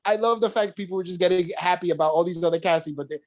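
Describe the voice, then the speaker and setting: A woman's voice: lowish voice, rapid-fire, a little mellow, no echo. A woman co-hosting a casual podcast chat, talking animatedly, swearing often and acting out quotes. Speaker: podcast co-host.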